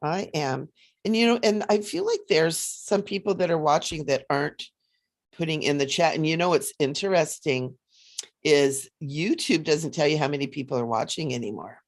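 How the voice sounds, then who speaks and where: A woman hosting a casual psychic livestream, chatty and animated, often laughing as she reads cards. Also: low voice, normal speed. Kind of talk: casual livestream chat with card readings.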